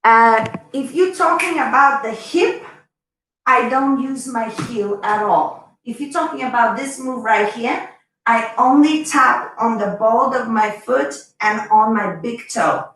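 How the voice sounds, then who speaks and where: A woman's voice: fairly high pitch, slow, fairly bright tone, reverberant, a little hiss or hum, low-quality recording. A woman teaching a live online dance lesson, chatty and bubbly, counting the beats aloud as she goes. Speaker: dance instructor.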